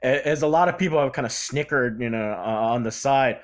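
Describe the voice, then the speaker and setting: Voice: medium pitch, a little fast, few pauses. A vlogger giving casual, sarcastic opinion commentary that rambles along and trails off into "blah, blah".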